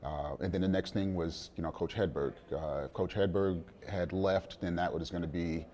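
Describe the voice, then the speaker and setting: A middle-aged man with a very low, warm, mellow voice, talking as a guest in a casual sit-down interview. He speaks at an easy pace, full of fillers and restarts. Faint noise sits under the recording. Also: moderate pace. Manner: relaxed, many fillers and restarts, chuckles. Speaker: interview guest, father of a college quarterback.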